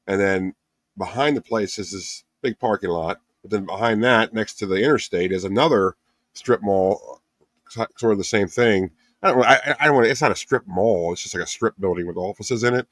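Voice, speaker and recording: A man's voice: fairly low pitch, a little fast, a bit bright, no echo. A man co-hosting a casual podcast, rambling with many restarts and chuckles. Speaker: podcast co-host. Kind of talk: casual chat.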